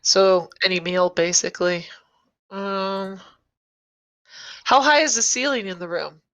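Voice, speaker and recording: A woman's voice: mid-range voice, unhurried, fairly bright tone, highs cut off. A woman playing a tabletop game, asking the game master question after question about the room. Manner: inquisitive, asks many questions. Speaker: player. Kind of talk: casual tabletop play.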